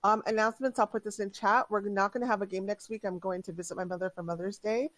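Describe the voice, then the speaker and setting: Woman dm chatting before the game, lots of ums, mid pitch, dry sound. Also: steady tone, fast talker, dry recording. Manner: chatty, with frequent filler words and laughter. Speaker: game master. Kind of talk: casual chat before a tabletop game.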